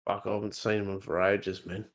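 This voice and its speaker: A man's voice: on the low side, level tone, normal speed. A man, chatting casually and swearing as a podcast co-host. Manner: easygoing, sweary, agreeable. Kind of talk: casual chat.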